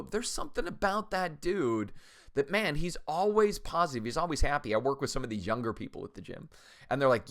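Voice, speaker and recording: A middle-aged man hosting a faith podcast, talking casually with energetic, animated emphasis. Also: medium pitch. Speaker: podcast host.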